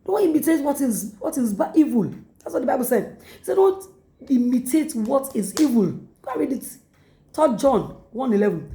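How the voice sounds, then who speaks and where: A woman's voice: fairly high pitch, expressive, a little fast, dark tone, reverberant. A woman pastor with a Nigerian English accent preaching a sermon, urging her listeners again and again and acting out quoted lines. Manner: repetitive exhortation with acted quotes.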